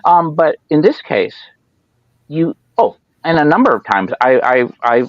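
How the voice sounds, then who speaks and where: A man's voice: on the high side, sing-song, measured pace, dry recording. A man in casual chat on a podcast, telling rambling stories and acting out the people he quotes. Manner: rambling storyteller, acts out quoted voices. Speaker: podcast host. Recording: dull lo-fi sound.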